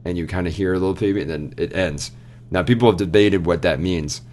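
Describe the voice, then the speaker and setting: A young man co-hosting a casual chat podcast animatedly retells a story, quoting the characters along the way. His voice sits low with a darkish tone, and he talks at a quick pace.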